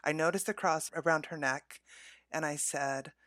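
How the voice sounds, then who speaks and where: A woman's voice: sits low, moderate pace, fairly bright tone, no echo, studio quality. A woman co-hosting a faith podcast, telling a personal story in an earnest, heartfelt way.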